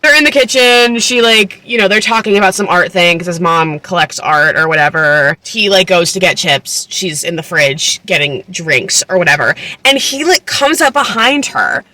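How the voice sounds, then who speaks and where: A woman's voice: fairly low pitch, lively intonation, moderate pace, hardly any pauses, sharp tone, no echo. A woman in her twenties recapping a book casually, chatty and incredulous, full of fillers and swearing. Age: 20s. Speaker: book vlogger.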